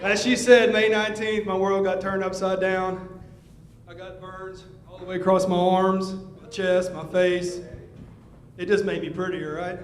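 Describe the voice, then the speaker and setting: A wrestler speaks earnestly to his fans from the ring, his voice fairly high. An echoey arena with a noisy crowd surrounds him. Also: level tone, measured pace.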